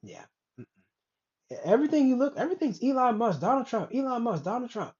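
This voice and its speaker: A woman's voice: fairly high pitch, fast talker. Woman ranting bluntly, dull lo-fi sound. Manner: blunt, rambling, profane, animated asides. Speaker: host of a commentary show. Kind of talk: casual ranting commentary. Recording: dull lo-fi recording.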